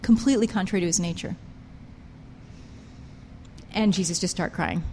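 A woman preaching a sermon with passion, pressing her points hard and swinging between loud emphasis and quiet intensity. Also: lowish voice, normal speed, long reverb tail, a little hiss or hum. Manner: impassioned, emphatic, rises and drops sharply in loudness.

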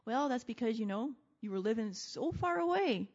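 A woman preaching a sermon in an animated way, laughing often and acting out voices as she talks. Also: fairly high pitch, normal speed. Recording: dull lo-fi sound.

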